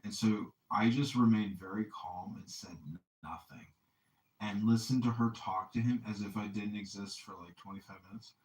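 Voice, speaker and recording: A man's voice: on the low side, fairly even intonation, moderate pace, darkish tone. A man hosting a podcast and chatting casually, rambling with constant fillers and frequent swearing. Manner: rambling, profane, heavy on "like". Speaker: podcast host. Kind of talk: casual chat. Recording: echoey room, distant mic.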